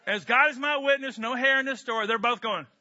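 High bright-voiced male preacher. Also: brisk. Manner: animated, joking, conversational. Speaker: pastor. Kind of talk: sermon. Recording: dull lo-fi recording.

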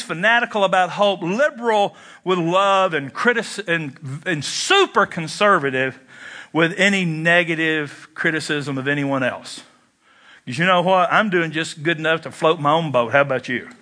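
A man preaching a sermon, animated and jokey, jumping into mock voices and leaping in pitch. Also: moderate pace. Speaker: pastor.

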